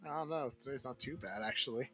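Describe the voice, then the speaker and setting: A man's voice: medium pitch, quick pace, pushed and bright, faint music behind. A man narrating as game master of a tabletop game, with dry teasing. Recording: dull lo-fi sound.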